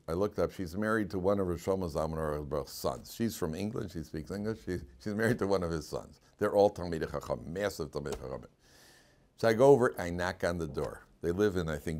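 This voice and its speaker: Animated rabbi telling stories. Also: male voice, low voice. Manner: animated storyteller, acts out quotes and laughs often. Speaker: rabbi teaching a class. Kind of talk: storytelling Torah lecture.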